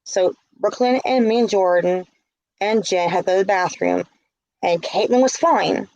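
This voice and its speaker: A woman's voice: medium pitch, moderate pace, darkish tone, no room sound, dull audio. A middle-aged woman telling a story in a casual vlog, heated and indignant. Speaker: vlogger.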